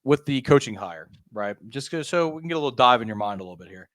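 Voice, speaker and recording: A man's voice: mid-range voice, expressive, fast, fairly bright tone, no echo, clean studio sound. A man co-hosting a casual sports podcast, talking conversationally and asking long, probing questions. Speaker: podcast co-host.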